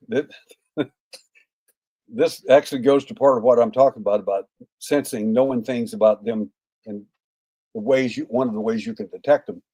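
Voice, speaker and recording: A man in his sixties with a mid-range, dark-toned voice tells a story as a podcast guest. His anecdotal storytelling is folksy, packed with "uh" fillers, and he acts out quoted dialogue.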